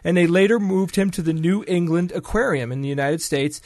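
A man's voice: high-pitched, fairly quick, darkish tone, dry recording. A man co-hosting a podcast in casual chat, often chuckling as he talks, recorded on a close mic. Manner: chuckles often while talking. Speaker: podcast co-host running a sound-guessing segment. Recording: dry close-miked sound.

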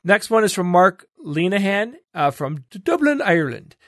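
A man's voice: high voice, very animated, moderate pace, no room sound, studio quality. A man hosting a podcast segment in casual panel chat, playful and laughing often.

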